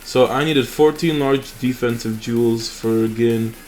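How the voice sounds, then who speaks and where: Relaxed man rambling over game footage. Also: medium pitch, measured pace, a little hiss or hum. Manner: rambling, relaxed, fillers and restarts. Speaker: mobile game channel host. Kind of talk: casual gameplay commentary.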